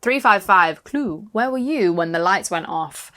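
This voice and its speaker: A woman's voice: medium pitch, lively intonation, measured pace, few pauses, bright, forceful tone. Playful woman teasing at a board game. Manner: playful, teasing, hums little tunes. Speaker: co-host. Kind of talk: casual chat while playing a board game.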